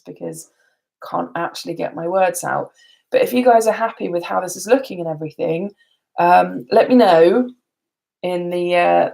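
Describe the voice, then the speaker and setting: A woman's voice: fairly low pitch, gravelly, darkish tone. A tired woman chatting casually on a live stream, rambling and laughing often. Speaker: beauty vlogger.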